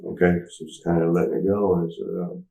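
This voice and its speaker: A former wrestler as an interview guest, telling candid stories in a rambling, halting way full of fillers and restarts. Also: male voice, low-pitched, level tone, warm tone. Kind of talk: candid anecdotal storytelling. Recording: roomy sound, mic at a distance.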